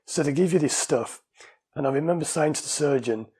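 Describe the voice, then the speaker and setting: A man's voice: a little high, fairly quick, mellow, husky. A man casually telling stories of his own experience to camera at home, chatty and anecdotal, recorded on a small dictaphone. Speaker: vlogger sharing his surgery experience. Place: at home, indoors.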